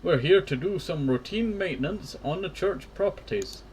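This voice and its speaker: A man voicing a teasing high-school girl who helps at the church, in a light, mocking tone. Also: lively intonation, normal speed, darkish tone, a little hiss or hum, close to an everyday voice.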